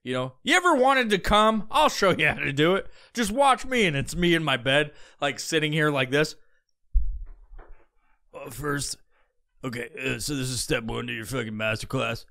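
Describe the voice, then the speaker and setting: A man rants on a comedy podcast, swearing constantly and slipping into mocking voices. His voice sits a little high with a gravelly edge. His talk is loose and crude. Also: normal speed. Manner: profane, animated, acts out voices mid-story. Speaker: podcast host.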